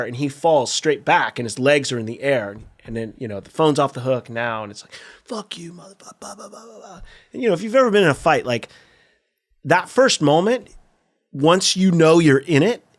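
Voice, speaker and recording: A man's voice: on the high side, expressive, normal speed. A middle-aged man from California, a skate video filmer, telling a story casually in a podcast interview, profane and acting out the voices of the people he quotes.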